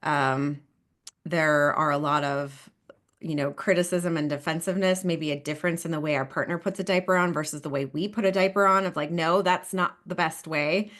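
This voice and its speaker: Low-voiced woman therapist chatting on a podcast, laughs a lot, keeps tossing in "right?". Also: steady tone, fairly quick, a bit bright. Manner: chatty, laughs often, frequent "right?" and "you know". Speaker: couples therapist. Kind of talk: podcast interview.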